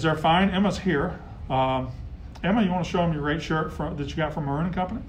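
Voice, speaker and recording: A man hosting a casual live sports talk stream, heckling rivals and getting loud when riled. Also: fairly high pitch, fast, slight background noise. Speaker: sports show host.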